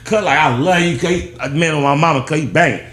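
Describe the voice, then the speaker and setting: A man's voice: a little high, a little fast, reverberant, a little hiss or hum. A man from Long Beach, telling stories as a podcast guest in heavy slang and acting out the people he quotes. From Long Beach, California. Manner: animated, acts out quotes in shifting voices, heavy slang. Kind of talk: casual storytelling interview.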